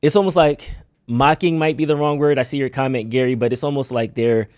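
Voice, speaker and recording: An easygoing man co-hosts a live talk show and explains his points casually, now and then acting out how people talk. His voice sits at a middle pitch and sounds close and dry. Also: fairly even intonation, brisk, a little mellow, smooth, dry recording. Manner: easygoing, explains things, acts out quoted speech. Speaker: show co-host.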